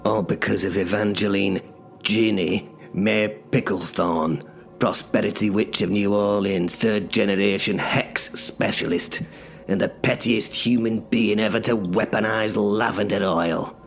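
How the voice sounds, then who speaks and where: A man's voice: lowish voice, fairly even intonation, unhurried, gravelly, faint music behind. A man narrating in first person as a bitter cursed sorcerer stuck in menial work, sardonic and sweary in an audio drama. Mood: sardonic grumbling.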